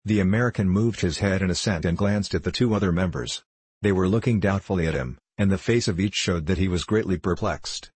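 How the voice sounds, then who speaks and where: Low, husky male narrator. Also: fairly quick, darkish tone, no echo. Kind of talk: audiobook narration.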